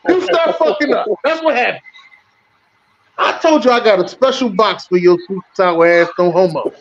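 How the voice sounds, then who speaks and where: A man co-hosting a podcast, loud and profane, teasing the others and repeating himself in a heated casual sports debate. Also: sits high, normal speed, slight background noise. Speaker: podcast co-host. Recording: dull lo-fi audio.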